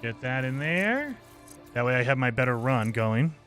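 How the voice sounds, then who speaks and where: With a medium pitch, big swings in intonation, normal speed and a fairly bright tone, a gaming streamer casually explains his plays and grumbles at mistakes, over soft background music. Now and then he's breathless while running.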